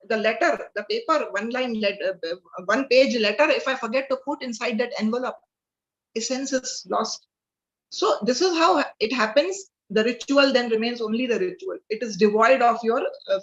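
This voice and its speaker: A woman with an Indian accent telling devotional stories in an earnest way, mixing in Hindi, speaking over a video call. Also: fairly high pitch. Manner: earnest, mixes in Hindi, frequent fillers. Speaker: spiritual class speaker. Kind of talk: devotional storytelling talk. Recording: dull lo-fi video call audio.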